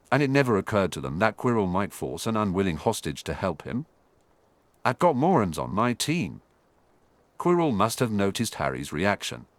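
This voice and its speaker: A man narrating an audiobook in an animated storytelling manner. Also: on the low side, no echo. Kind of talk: scripted narration.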